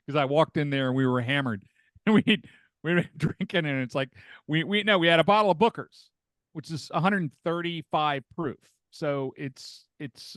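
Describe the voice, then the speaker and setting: A man's voice: fairly high pitch, a bit bright, dry recording. An older man, the father, chatting casually and telling rambling stories while acting out what people said. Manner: rambling storyteller who acts out quoted voices. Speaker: podcast guest, the father. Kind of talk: casual family chat.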